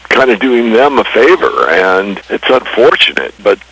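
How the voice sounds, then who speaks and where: A man's voice: fairly low pitch, sing-song, measured pace, vocal fry, a bit bright, breathy edge, poor audio. A man, a precious metals newsletter writer, speaking earnestly and emphatically in a radio interview. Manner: earnest, emphatic about markets and geopolitics.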